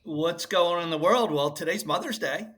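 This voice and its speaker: Man, middle-aged, podcast co-host, rambling, casual, tense bright tone. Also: fairly high pitch, normal speed. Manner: rambling, chatty. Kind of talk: casual chat.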